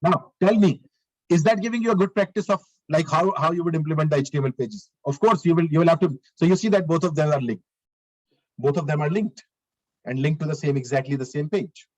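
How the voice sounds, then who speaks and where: A man's voice: a little high, a little fast, a little mellow, dull audio. A male lecturer giving a live online coding lesson. He talks through each step as he works, repeats his phrases and asks the class questions.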